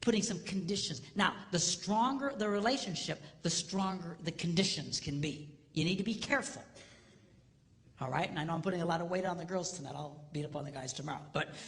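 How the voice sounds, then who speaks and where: Before a large hall, an older man gives a humorous live marriage seminar, animated and swinging between loud and hushed as he acts out other people's voices. He speaks fairly quickly with a fairly high pitch, and the recording has long hall reverb and faint background noise.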